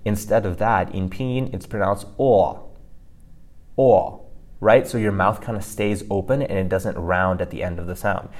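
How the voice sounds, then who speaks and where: A man's voice: low-pitched, fairly even intonation, brisk, few pauses. A man co-hosting a language-learning podcast, explaining pronunciation in a casual, chatty way with lots of fillers. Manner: chatty, loose with fillers like "like" and "you know".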